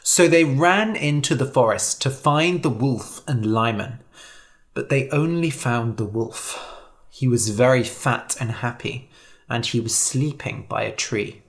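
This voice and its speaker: A storyteller reading a fable slowly and clearly for English learners. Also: medium pitch. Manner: slow, clear, expressive reading.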